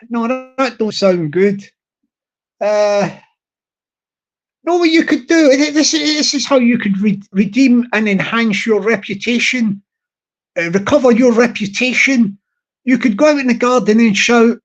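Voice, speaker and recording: A man's voice: very high voice, unhurried. A man hosting a casual chat to his viewers, rambling, repeating words and hunting for the right ones, with frequent chuckles. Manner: chuckles often, jokingly mimics shouted lines. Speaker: YouTube channel host. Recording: dull lo-fi audio.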